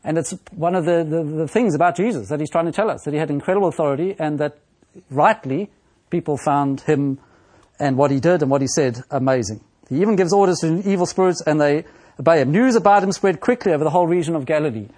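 Man, preacher, slightly high-pitched, slow and deliberate, expository sermon, fillers and pauses. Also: a little mellow.

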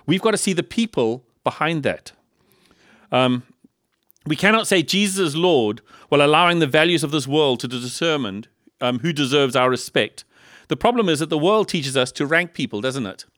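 A man from Africa, preaching a sermon in a lively style full of rhetorical questions and humorous asides. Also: fairly high pitch, normal speed, no echo, clean studio sound. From South Africa. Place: church in Liverpool.

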